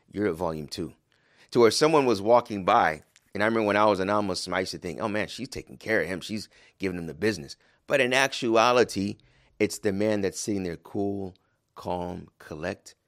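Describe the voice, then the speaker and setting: A man giving a religious talk to husbands, speaking calmly and measuredly, acting out quotes with energy and reciting Arabic quickly. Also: sits low, no room sound, clean studio sound. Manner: calm, measured, with lively acted-out quotes. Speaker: Muslim speaker advising husbands. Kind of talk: religious talk to a male audience.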